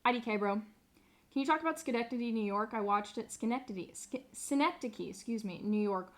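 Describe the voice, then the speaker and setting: A woman's voice: on the high side, fast talker. Rambling, sarcastic young woman streamer. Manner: rambling, sarcastic, swears freely. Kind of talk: casual live-stream chat.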